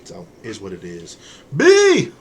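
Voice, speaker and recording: Animated man telling a story. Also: mid-range voice, brisk, slight background noise. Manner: animated storyteller, acts out quoted people, laughs often. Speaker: podcast co-host. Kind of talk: casual chat.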